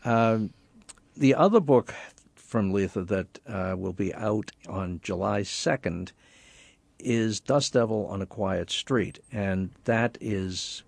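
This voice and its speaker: A man's voice: fairly low pitch, slow, gravelly, dry recording. A man being interviewed on the radio about his books, speaking with wry, dry humor. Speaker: guest author.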